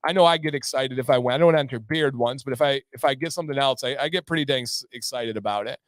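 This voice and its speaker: A man's voice: medium pitch, fast, no echo, studio quality. A man hosting a casual livestream, reading out chat comments in an upbeat, playful way. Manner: upbeat, reads chat aloud and breaks into playful raps. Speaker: livestream host.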